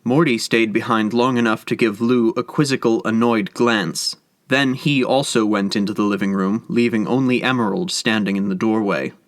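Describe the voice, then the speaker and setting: A man giving scripted narration of a short story in a measured storytelling manner. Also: lowish voice, steady tone, no echo, studio quality. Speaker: audiobook narrator.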